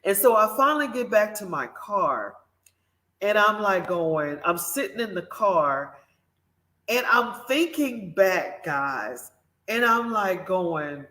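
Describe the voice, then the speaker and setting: Unhurried woman host in an echoey room. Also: medium pitch. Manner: animated, emphatic, speaks directly to listeners. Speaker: morning show host. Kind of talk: personal storytelling monologue. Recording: roomy echo.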